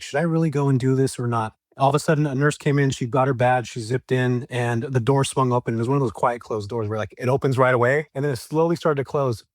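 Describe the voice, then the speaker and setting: A middle-aged man from California talks quickly as a podcast guest, piling up casual slang as he tells his story. His voice sits at an ordinary pitch and is recorded close and dry, with no room sound. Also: dry recording. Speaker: guest, real estate investor.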